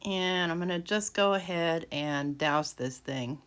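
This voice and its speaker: A woman with a smooth, fairly bright voice on the low side speaks at a measured pace. She narrates each stage of crafting a handmade card at home in her craft room, casually and with many restarts, tutorial-style.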